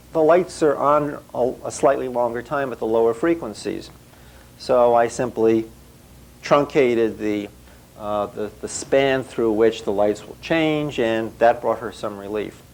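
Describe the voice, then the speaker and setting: A man's voice: medium pitch, vocal fry, a little mellow, poor audio. A male psychotherapist recounting a clinical case as a story and acting out the dialogue.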